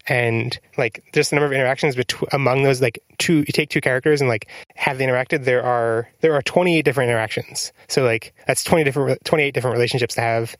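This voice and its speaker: A man's voice: medium pitch, fairly even intonation, fast talker, few pauses, a bit bright, dry recording. A man hosting a casual podcast chat, rambling and interrupting himself as he goes. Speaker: podcast host.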